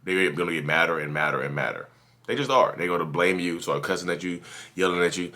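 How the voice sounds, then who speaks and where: A man hosting his own channel, talking through advice in a casual, animated monologue, repeating himself and restarting sentences. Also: deep voice, fast talker. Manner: animated, repetitive, restarts sentences, acts out quotes. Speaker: YouTube channel host.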